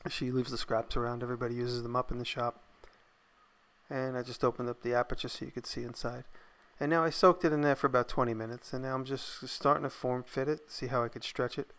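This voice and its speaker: Relaxed man narrating his workshop build. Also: mid-range voice, quick pace. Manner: relaxed, thinking aloud, tired and yawning. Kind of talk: casual voice-over narration.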